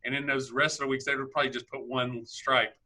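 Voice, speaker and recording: A male host chats over a video call, quick to laugh. His tone is very bright and sharp at a middling pitch. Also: little pitch movement. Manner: chatty, laughs easily. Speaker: podcast host. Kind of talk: casual interview chat.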